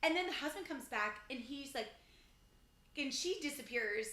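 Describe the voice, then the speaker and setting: A woman's voice: high-pitched, animated, moderate pace, sharp tone, reverberant. A young adult woman co-hosting a podcast, telling a story in casual chat and animatedly acting out the people she quotes. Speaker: podcast co-host.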